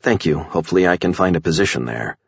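A man voicing a desperate, educated woman scientist, speaking a little higher and with a pleading tone. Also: lively intonation, quick pace, creaky, slightly rough, no echo, muffled recording, full character voice. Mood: hopeful.

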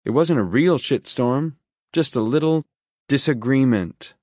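A man's voice: medium pitch, lively intonation, unhurried, a little mellow, no echo, pitched above the performer's own voice, close to an everyday voice. A man voicing a taunting, playful teenage girl in an audiobook, with a singsong teasing lilt. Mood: breezy.

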